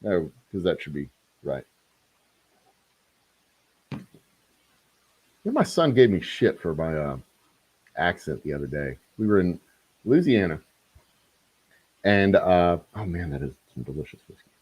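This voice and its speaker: A man's voice: sits low, very animated, takes it slowly, long pauses, darkish tone, breathy edge, no room sound. A man, hosting a casual distillery livestream and chatting to viewers with rambling, joking asides. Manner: rambling, talks to chat, self-deprecating jokes.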